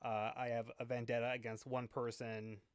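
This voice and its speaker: Relaxed man musing in casual chat. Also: medium pitch, normal speed, smooth, dry recording, studio quality. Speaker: podcast co-host.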